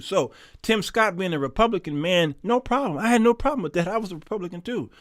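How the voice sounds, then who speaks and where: A man's voice: sits high, lively intonation, fast talker, hardly any pauses, a bit bright, dry recording, studio quality. A man hosting a Christian talk show, reading viewer comments and talking in an emphatic, conversational way, often repeating words.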